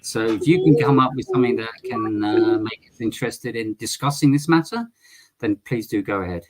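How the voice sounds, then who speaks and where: A man's voice: mid-range voice, brisk, a loud crowd. A man hosting a live call-in stream, polite and firm, with a lot of hesitant ums. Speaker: livestream host.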